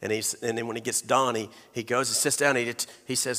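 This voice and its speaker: Male pastor, conversational storyteller, bright forceful tone, long hall reverb. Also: mid-range voice, fairly even intonation, brisk, few pauses. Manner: conversational storytelling, acts out quotes, repeats words. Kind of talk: sermon.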